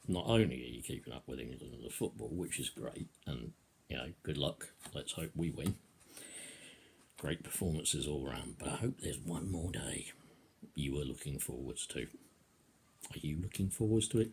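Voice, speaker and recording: An older man from the UK talking sarcastically and rambling to camera in a solo vlog, with sudden loud bursts. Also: low-pitched, vocal fry, slightly rough. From United Kingdom. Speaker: vlogger.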